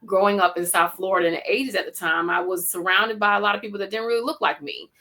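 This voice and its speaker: A woman's voice: medium pitch, steady tone, fast, bright, forceful tone. A woman with a Jamaican accent, a teacher telling her story as a podcast guest, reflective with frequent restarts. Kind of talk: podcast interview.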